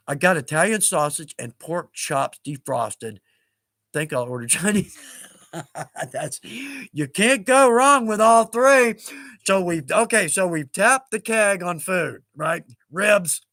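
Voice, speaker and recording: A man's voice: sits high, pushed and bright, no room sound, clean studio sound. A man in his fifties hosting a casual livestream, chatting in a rambling, self-mocking way and chuckling at himself. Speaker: livestream host.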